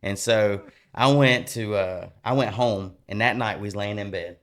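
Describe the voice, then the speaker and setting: Earnest, low-voiced man telling his testimony. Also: normal speed. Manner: earnest, animated storyteller; colloquial and rambling, with many restarts. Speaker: podcast guest. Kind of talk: personal testimony storytelling.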